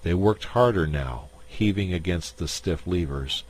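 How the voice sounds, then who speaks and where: A man reading a science fiction short story aloud in a measured narration. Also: low-pitched, expressive, darkish tone. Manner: slow, measured.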